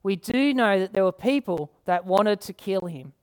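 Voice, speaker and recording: A woman preaching a sermon, earnest, repeating key phrases and slowing down to read scripture. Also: mid-range voice, animated, darkish tone. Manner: slows down to read scripture aloud.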